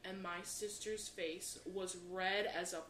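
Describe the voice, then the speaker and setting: Bright-voiced, foul-mouthed woman storyteller. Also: lowish voice, takes it slowly. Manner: animated, swears constantly, acts out voices. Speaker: podcast co-host. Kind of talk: profane comedic storytelling. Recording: roomy echo with faint background hiss.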